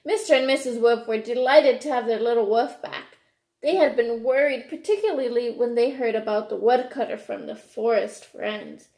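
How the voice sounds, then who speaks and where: A woman reading a picture book aloud to children, expressive and stopping to ask her listeners questions. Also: on the high side, normal speed, echoey room. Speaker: reader to children.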